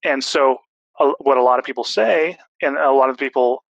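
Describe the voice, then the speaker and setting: A man's voice: medium pitch, moderate pace, gravelly, a bit bright, rough recording. Man explaining with lots of fillers. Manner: explanatory, restarts, many fillers. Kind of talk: casual discussion.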